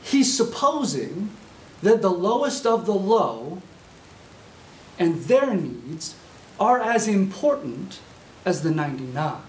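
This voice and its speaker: Animated preacher in an echoey classroom. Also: male voice, high voice, takes it slowly, pauses often. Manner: animated storytelling preacher, acts out voices. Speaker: preaching student. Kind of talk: sermon. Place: university classroom. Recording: echoey classroom, mic far off, faint hiss.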